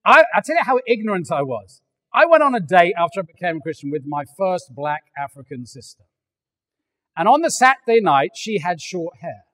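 An older English man preaching a sermon, animated and joking, acting out little voices as he goes. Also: high voice, fairly quick, long reverb tail. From England. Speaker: pastor. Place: large church hall.

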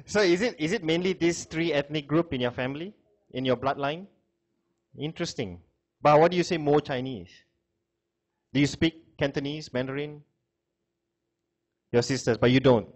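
A man's voice: fairly high pitch, moderate pace, pauses often. A man giving a classroom lecture, chatting with students, asking questions and laughing often.

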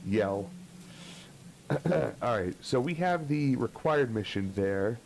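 A young man livestreaming a game who talks casually and excitably and swears freely while greeting his viewers. His voice sits at a middle pitch. Steady game sounds and noise run behind him. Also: unhurried, pauses often. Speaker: streamer. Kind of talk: live gameplay commentary.

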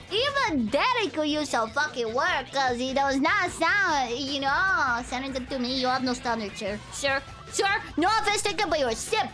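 Young female streamer, high-pitched, casual and profane, playful swings in pitch over faint background music. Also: pushed and bright. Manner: profane, joking, swings between high squeals and low mutters. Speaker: live streamer. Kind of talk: casual live-stream chat to viewers.

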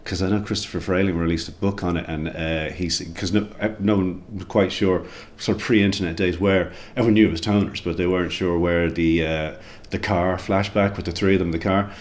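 A man's voice: sits low, steady tone, a little fast, few pauses, slight background noise. An Irish man chatting casually as a guest about films, rambling with frequent stammered restarts. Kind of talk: casual film discussion.

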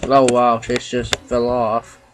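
A man giving casual gameplay commentary, chatting to viewers with sudden loud exclamations and sarcastic asides. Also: medium pitch, monotone, slow pace, noisy background. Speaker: let's play gamer.

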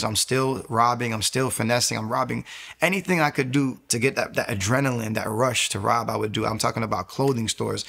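A man's voice: medium pitch, creaky, bright, forceful tone, breathy edge. A man telling his own faith testimony as an interview guest, earnest and candidly confessional. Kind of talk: personal testimony storytelling.

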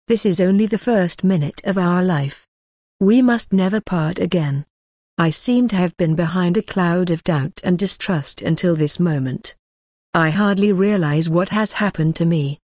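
A woman's voice: fairly low pitch, darkish tone, no room sound, studio quality. A woman reading the lines of an ardent young man in love, effusive and poetic, in an audiobook.

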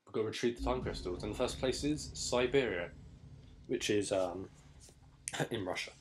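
شاب بريطاني بصوت منخفض يعلّق على لعبة فيديو بأسلوب مازح ومتجوّل، مع هسهسة خفيفة. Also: male voice, fairly low pitch, moderate pace, noisy background. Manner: jokey and rambling, laughs often. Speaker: let's play host. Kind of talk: casual gameplay commentary.

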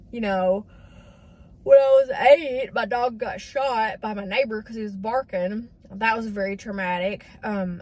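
A woman's voice: mid-range voice, a little hiss or hum. Grieving woman in her forties. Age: 40s. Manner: grieving, rambling, addresses viewers as y'all. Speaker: vlogger. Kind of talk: casual chat.

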